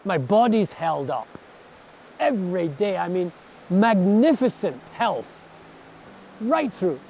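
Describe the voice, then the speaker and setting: A man in his sixties telling his story in an earnest, reflective way, slowing down to stress his words. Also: high-pitched, very animated, vocal fry, dark tone, a little hiss or hum. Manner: earnest, slow, emphatic. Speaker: adventurer recounting a long walk.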